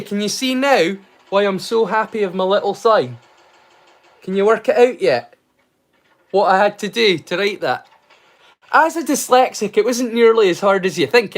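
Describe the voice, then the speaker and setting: A man with a Scottish accent, hosting a casual livestream and chatting in a rambling way, full of restarts and slang. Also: high voice. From Scotland. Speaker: livestream host. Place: home in rural Scotland.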